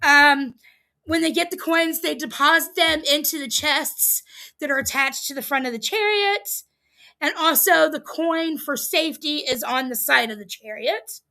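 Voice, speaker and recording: Woman host, bright and high-pitched, chatty recap style with frequent fillers and giggles. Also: a little slow. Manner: chatty, laughs often, many ums, amused asides. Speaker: podcast host recapping a reality show. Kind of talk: casual livestream recap. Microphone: streaming setup, close mic.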